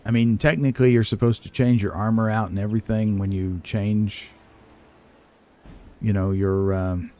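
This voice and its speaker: Low, mellow older man streaming a game. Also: fairly even intonation, normal speed. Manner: chatty, hesitant, self-deprecating, talks to himself. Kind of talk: casual gameplay commentary.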